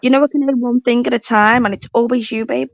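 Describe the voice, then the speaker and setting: A woman from England talks in a fairly high voice, blunt and sweary, teasing the others in casual chat. The sound is dry and a little muffled, as on a lo-fi recording. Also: fairly even intonation, quick pace, creaky, no room sound.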